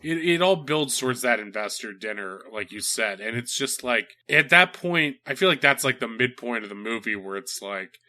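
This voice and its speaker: A man with a very bright, sharp voice hosting a comedy podcast. He rambles through a film review in loose, casual chat, piling up filler words. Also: medium pitch, lively intonation, normal speed, hardly any pauses. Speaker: podcast host.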